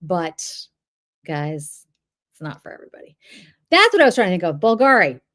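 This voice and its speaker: A woman's voice: fairly low pitch, big pitch swings, moderate pace, fairly bright tone. A middle-aged woman from the Boston area, chatting casually on a livestream and answering viewers' comments as she goes. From Boston area, New England. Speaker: livestream host.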